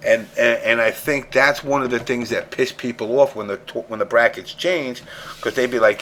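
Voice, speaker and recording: A man's voice: mid-range voice, fairly even intonation, moderate pace, a bit bright, slight background noise. Profane, ranting podcast host man. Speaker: show host. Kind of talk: casual gaming podcast talk.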